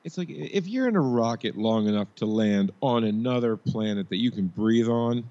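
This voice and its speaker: A man's voice: mid-range voice, lively intonation, normal speed, dark tone, muffled recording. A man co-hosting a casual podcast, rambling, swearing and laughing often while he talks about a TV episode. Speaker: podcast co-host and editor. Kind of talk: casual chat reviewing a TV episode.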